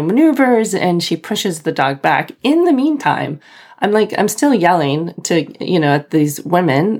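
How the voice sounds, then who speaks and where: A woman casually telling a personal story, rambling and restarting, breaking into short nervous laughs. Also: sits low. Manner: rambling, self-interrupting, with frequent nervous laughs. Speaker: storyteller recounting a personal incident.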